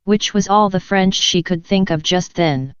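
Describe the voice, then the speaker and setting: A woman reads a children's storybook in a slow, very clear voice that sits a bit low. The recording is dry and close, with a dull, lo-fi tone. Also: no room sound. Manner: gentle, measured storytelling. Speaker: audiobook narrator. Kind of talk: children's audiobook narration.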